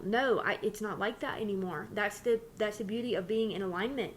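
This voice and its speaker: A woman speaks as a spiritual channeler in a loose, candid way. She rambles, stops herself and restarts her thoughts. Her voice sits at a middling pitch, with a faint hiss underneath. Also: fairly even intonation, moderate pace. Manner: candid, rambling, self-interrupting. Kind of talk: casual spiritual talk.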